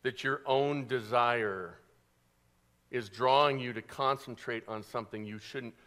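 A male pastor preaching a sermon, animated, asking the congregation questions and answering them himself. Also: mid-range voice, a little slow.

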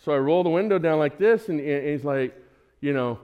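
A man's voice: on the high side, fairly quick, clean tone. A man in his sixties preaching a sermon, telling a personal story and acting out his own prayers and conversations. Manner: animated, acts out his own prayers and dialogue.

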